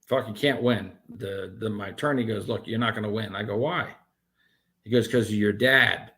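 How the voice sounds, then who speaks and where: A man telling his own story as an interview guest, animated and profane, with many restarts. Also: fairly low pitch, normal speed.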